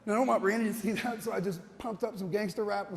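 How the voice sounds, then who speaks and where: Animated storyteller with gravelly high voice. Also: male voice, fast talker, long reverb tail, heavy background noise. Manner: animated, rambling, with restarts and laughter. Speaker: speaker telling a personal story. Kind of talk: personal storytelling talk.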